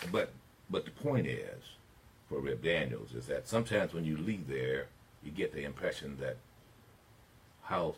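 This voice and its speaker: An older man with a very low voice hosting a call-in talk radio show. He delivers his opinions like a preacher, building emphatic swells that climb toward shouting on the points he cares about. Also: a little hiss or hum.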